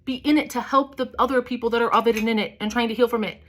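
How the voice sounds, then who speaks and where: A woman with a fairly high voice, giving a tarot reading in a loose, chatty way. She speaks candidly, drops curse words freely and fills her talk with casual asides. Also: fairly even intonation, racing. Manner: chatty, candid, swears freely, many fillers. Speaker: tarot reader. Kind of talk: casual spiritual reading monologue.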